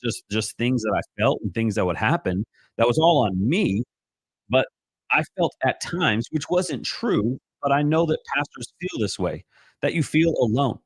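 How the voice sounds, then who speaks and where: A man's voice: lowish voice, husky, dry recording. A man, a Christian life coach giving an earnest, rambling live-stream talk full of restarts and fillers.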